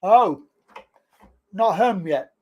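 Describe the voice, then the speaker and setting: Guy hosting a live chat, teasing and cheeky, slow and drawn out, voice bounces up and down a lot. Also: high voice, lively intonation, lo-fi sound. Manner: teasing, cheeky, laughs at own jokes. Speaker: livestream host. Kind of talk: casual banter.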